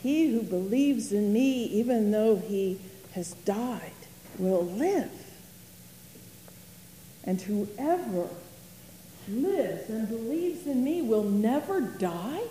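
Jesus, solemn and direct, a woman doing his lines, slowish, echoey hall. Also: a little high, lively intonation, mellow, slight background noise, pitched below the performer's own voice. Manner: solemn, deliberate. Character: Jesus, a calm, direct male teacher. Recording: roomy hall reverb, faint ambience.

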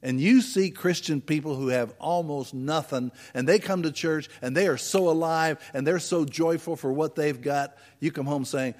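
A man's voice: fairly high pitch, moderate pace, hardly any pauses, a little mellow, in a large hall. A man preaching a conversational sermon as pastor, asking the congregation rhetorical questions. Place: church sanctuary.

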